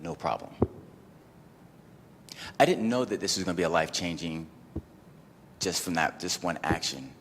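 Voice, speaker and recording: A man with a very low voice tells a personal story at a speaking event, loose and casual, acting out his own inner thoughts. His voice carries a long reverb from the hall with a faint hiss behind it. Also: animated, moderate pace, pauses often, fairly bright tone. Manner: casual, peppered with "like" and "you know". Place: event venue.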